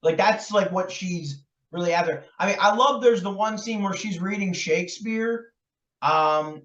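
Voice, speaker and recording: His voice sits high and a bit bright, and he takes his time as he co-hosts a podcast. The casual film chat is packed with fillers and laughs, captured in a distant, roomy, dull lo-fi recording.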